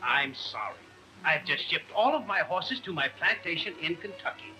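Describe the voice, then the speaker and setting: A man's voice: on the high side, very animated, pushed and bright, faint music behind, heavily acted, poor audio. A man playing a pompous, blustering man posing as a colonel in a 1930s film comedy. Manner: pompous, slow and grand.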